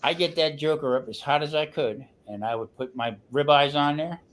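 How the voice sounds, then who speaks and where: A talkative man with a New Jersey accent, his voice sitting a little high for a man. He tells his stories with lots of energy, often stopping and starting over mid-sentence. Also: moderate pace, a little hiss or hum. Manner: animated storyteller, restarts often. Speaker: guest cook on a grilling livestream. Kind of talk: casual chat.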